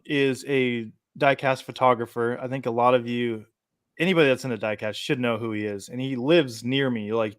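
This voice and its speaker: Recorded without echo, this mid-range male voice belongs to a podcast host spinning a story in a casual chat. He's an animated storyteller who laughs a lot and performs the quotes.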